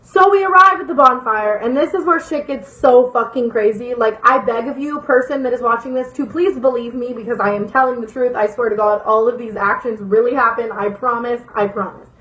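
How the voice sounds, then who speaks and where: A woman's voice: a little high, brisk, few pauses, a bit bright, roomy sound, lo-fi sound. A young woman telling a storytime to camera in a rambling, casual way, swearing often and repeating herself for emphasis. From Las Vegas, USA. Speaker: vlogger.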